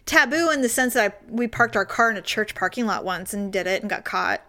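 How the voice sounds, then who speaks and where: A woman's voice: medium pitch, a little fast. A woman chatting casually as a co-host, telling stories animatedly and acting out quotes. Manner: animated storyteller, acts out quotes, laughs often. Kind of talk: casual chat.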